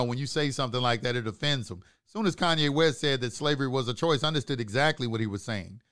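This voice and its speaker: A man's voice: medium pitch, a bit bright, clean tone. Emphatic man preaching to his viewers. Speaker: host of an online talk channel. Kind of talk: live-streamed monologue to viewers.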